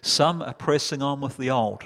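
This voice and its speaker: A man preaching a sermon as pastor, building from calm reflection to loud, impassioned climaxes. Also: medium pitch, normal speed, vocal fry. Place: church hall. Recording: reverberant church hall.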